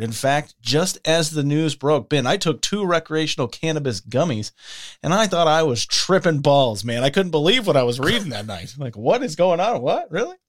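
A male podcast co-host recapping the week's news in a casual, wry way. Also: a little high.

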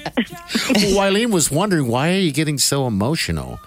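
A man's voice: on the high side, huge pitch swings, moderate pace. A man hosting a morning radio show, chatting casually and laughing often.

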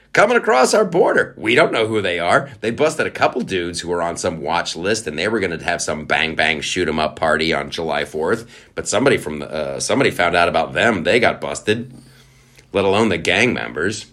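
A man's voice: low-pitched, fairly bright tone. A man hosting a podcast, delivering a profane, sarcastic political rant and mocking other people in put-on voices. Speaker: podcast host. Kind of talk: ranting political commentary.

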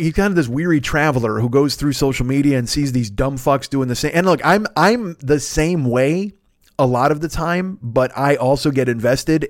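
A man in his fifties, a podcast host rambling through a profane, animated casual monologue. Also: medium pitch, no echo, clean studio sound. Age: 50s.

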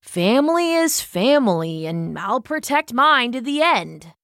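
A woman's voice: fairly high pitch, measured pace, no echo, clean studio sound, full character voice. A woman voicing a loyal, sorrowful Trojan prince who speaks sadly and steadily. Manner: sad, steady.

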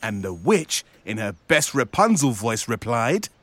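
A man narrating a children's story, animated and speaking to young listeners. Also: medium pitch, measured pace, dry recording.

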